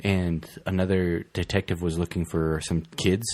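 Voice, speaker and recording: A man's voice: low voice, level tone, normal speed, a little mellow, no echo. A man in casual chat, telling a story and swearing now and then. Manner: storytelling, profane.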